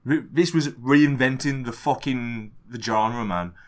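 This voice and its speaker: A man co-hosting a casual movie podcast, giving short reactions and swearing when he gets excited. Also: mid-range voice, measured pace. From England. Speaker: podcast co-host. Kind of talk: casual movie review chat.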